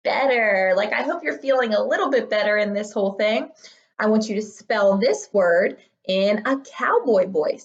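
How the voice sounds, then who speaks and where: A woman's voice: mid-range voice, expressive, moderate pace, dull audio. A young woman teaching third graders in an upbeat, encouraging recorded online lesson. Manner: upbeat, encouraging, talks to children.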